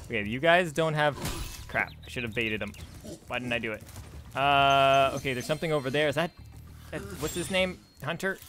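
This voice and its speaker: A man's voice: mid-range voice, normal speed, a bit bright, faint music behind. A young man commenting casually on his video game playthrough, chatty and easily distracted. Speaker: gameplay streamer. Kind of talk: casual let's-play commentary.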